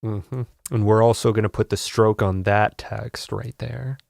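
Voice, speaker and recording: A man's voice: on the low side, fairly even intonation, unhurried, vocal fry, a little mellow, no echo, studio quality. A man hosting a casual comedic art tutorial, rambling and mock-serious, swearing in frustration at his equipment.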